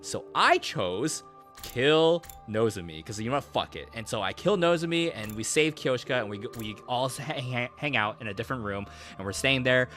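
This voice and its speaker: A young man tells the story of his game run with a lively voice that leaps up and down in pitch. He talks in a mid-range voice, swears freely and slips into quick acted bits, over a faint bed of music. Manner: excitable, swears a lot, acts out quotes. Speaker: streamer. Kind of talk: casual game recap.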